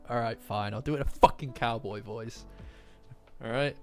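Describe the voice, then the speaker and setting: A man's voice: mid-range voice, a little fast, darkish tone, soft background music. Rambling self-mocking male streamer. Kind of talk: casual chat.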